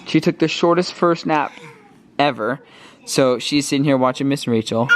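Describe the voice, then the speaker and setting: A man's voice: mid-range voice, normal speed, music in the background. A young man, a father of three, talking casually to camera at home in a rambling, worried way with many fillers. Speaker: vlogger dad. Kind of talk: casual home vlog chat. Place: family home, indoors.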